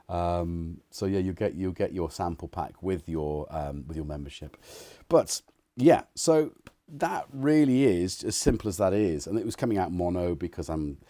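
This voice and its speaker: A man's voice: deep voice, dark tone, no room sound. A man hosting a casual home livestream, rambling and chuckling as he chats to viewers and his cats. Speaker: livestream host. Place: living room at home.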